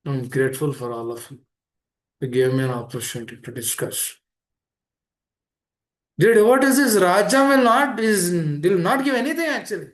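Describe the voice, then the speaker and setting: A man giving a devotional talk to devotees, earnest and pleading, repeating phrases as his voice swings between soft and emphatic. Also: high-pitched, sing-song, normal speed, pauses often. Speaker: speaker at a temple meeting. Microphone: online meeting room.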